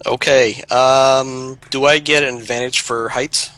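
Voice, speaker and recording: A man's voice: medium pitch, fairly even intonation, a little slow, fairly bright tone. A man playing a tabletop game, easygoing and asking the game master questions. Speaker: player. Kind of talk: casual chat.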